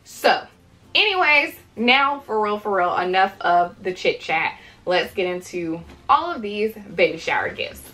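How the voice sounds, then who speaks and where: A young woman in late pregnancy, out of breath and breathy, chatting to viewers in a casual unboxing vlog. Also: mid-range voice, very animated, measured pace, sharp tone, low-quality recording. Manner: chatty, addresses viewers as "you guys". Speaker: vlogger.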